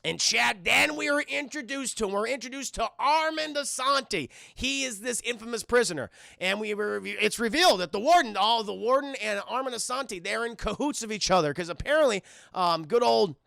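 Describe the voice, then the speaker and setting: Excitable gravelly-voiced man streamer. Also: very high voice, moderate pace, dry recording, clean studio sound. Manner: rambling, excitable, curses, keeps addressing chat. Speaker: streamer reviewing films. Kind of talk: casual profane film recap to live chat.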